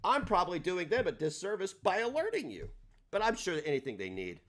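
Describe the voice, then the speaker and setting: A man hosting a livestream, ranting in a combative, profane way, his delivery swinging between loud and soft. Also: sits high, wildly swooping pitch, fairly quick. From United States. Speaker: livestream host.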